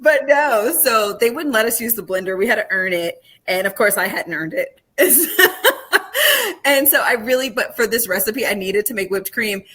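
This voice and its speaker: Woman, podcast guest, bright voice, animated storyteller, laughs often. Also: on the high side, moderate pace. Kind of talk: casual interview chat.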